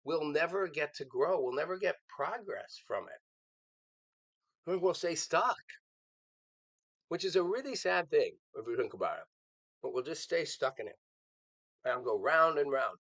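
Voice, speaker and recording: A man's voice: on the high side, very animated, unhurried, pauses often, fairly bright tone, dry recording, low-quality recording. A man giving earnest political commentary on a live show, rambling with restarts and repeated words.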